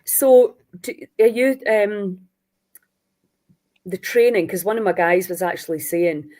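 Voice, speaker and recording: A woman's voice: medium pitch, unhurried, darkish tone. Earnest woman hosting. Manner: earnest, repeats points for emphasis. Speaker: host. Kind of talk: casual conversation.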